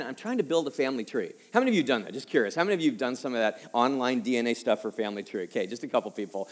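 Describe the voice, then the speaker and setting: A male pastor in his fifties preaching a personal-story sermon conversationally, dropping quiet and slow for heavy moments and rising for emphasis. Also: medium pitch. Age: 50s. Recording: long hall reverb.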